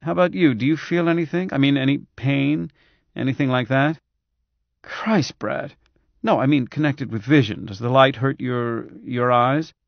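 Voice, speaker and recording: A harried, sick doctor, voiced by a male narrator who talks briskly and coaxingly, sometimes a little impatient. The voice is gravelly and dry, and the recording sounds a bit dull. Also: mid-range voice, no echo, pitched above the performer's own voice, lightly acted. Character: harried, ailing man, a doctor with a cold.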